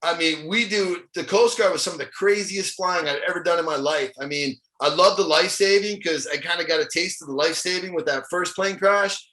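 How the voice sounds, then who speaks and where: High, bright-voiced man from Ohio. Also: brisk, hardly any pauses. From Ohio, USA. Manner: animated, chuckles often while telling stories. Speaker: motivational speaker, podcast guest. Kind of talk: casual storytelling interview. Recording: echoey room.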